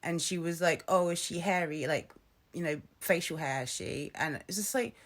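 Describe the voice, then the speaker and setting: A young woman vents to her camera in a casual, chatty rant. Her voice sits a little low, and she swears freely, with quick laughs between stories. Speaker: vlogger.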